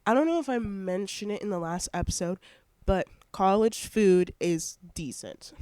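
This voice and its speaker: On a headset mic at home, a young adult college student vlogs in an animated, slightly mellow mid-range voice at normal speed, with a clean tone and a dry recording. The delivery is a loose ramble thick with fillers and self-interruptions, punctuated by sniffles from a congested nose.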